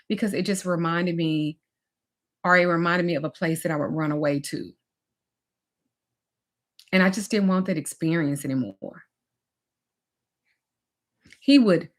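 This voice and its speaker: A woman spiritual teacher candidly telling a personal story in a teaching talk, emphatic and frank. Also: lowish voice. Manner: candid, emphatic, swings from animated to drained. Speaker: spiritual teacher and life coach.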